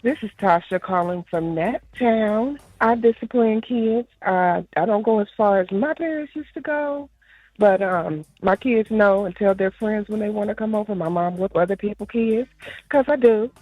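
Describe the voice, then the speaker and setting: A woman's voice: medium pitch, normal speed, a little mellow, dry recording, low-quality recording. Woman calling in, confident and matter of fact, dry close sound. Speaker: caller. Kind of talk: radio call-in.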